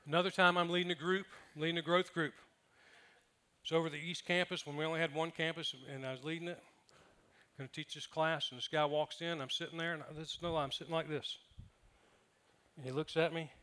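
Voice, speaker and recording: Male pastor, slightly high and bright, humorous storyteller in the pulpit. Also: steady tone, brisk. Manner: humorous storytelling with acted quotes. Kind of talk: sermon.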